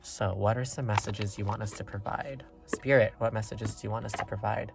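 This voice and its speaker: A man giving a casual pick-a-card tarot reading, talking in a rambling, excitable way with lots of fillers and sudden leaps up in pitch. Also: brisk, vocal fry, over music. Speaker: tarot reader.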